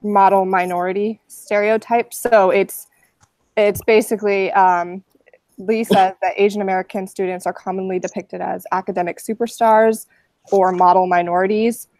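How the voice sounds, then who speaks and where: A woman's voice: medium pitch, flat delivery, normal speed, a little mellow, no room sound. A woman leading a class discussion, summarizing an article and posing questions to the group. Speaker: discussion leader in a class webinar.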